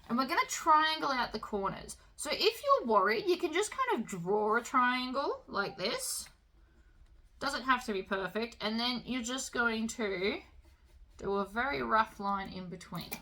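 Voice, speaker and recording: A woman's voice: on the high side, lively intonation, a little slow, bright, forceful tone, slight background noise, rough recording. A woman giving a casual, chatty sewing tutorial, explaining each step as she works.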